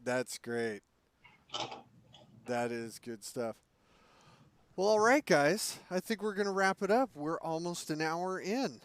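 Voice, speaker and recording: Slow-talking laughing podcast host man. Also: on the high side, animated. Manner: laughing, jokey. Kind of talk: casual podcast chat.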